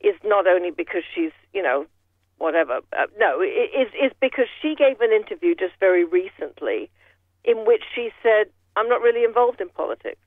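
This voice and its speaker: A man's voice: sits high, lively intonation, moderate pace, dry recording. A man giving casual political commentary with a rambling, sardonic manner, full of restarts. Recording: tinny phone line.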